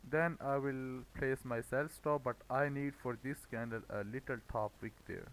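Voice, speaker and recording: A man's voice: mid-range voice, low-quality recording. Guy streaming his trades live, muttering then ranting and cursing at the chart. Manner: thinks aloud, rants and swears when excited. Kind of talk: live trading commentary.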